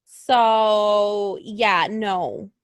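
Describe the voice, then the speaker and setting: A woman co-hosting a casual wrestling podcast, animated and blunt, acting out quotes in higher voices and swearing now and then. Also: very slow, no room sound. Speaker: podcast co-host.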